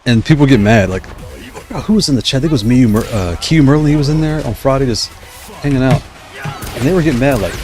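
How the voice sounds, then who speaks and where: A man's voice: mid-range voice, expressive, a little fast, a little mellow, faint music behind. A tired man streaming a fighting game and chatting as he reacts aloud to each round. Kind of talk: live gameplay commentary.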